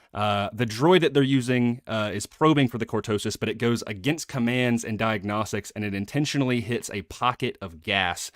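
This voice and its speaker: A man's voice: mid-range voice, no room sound, clean studio sound. A man hosting a casual book club live stream, rambling with fillers and frequent laughs.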